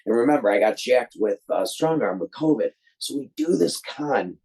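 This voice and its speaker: Husky rambling man telling a story. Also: medium pitch, animated, moderate pace, a little mellow, rough recording. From Detroit, USA. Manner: rambling, acts out quoted voices; loose, many fillers and restarts. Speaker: guest filmmaker. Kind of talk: casual storytelling.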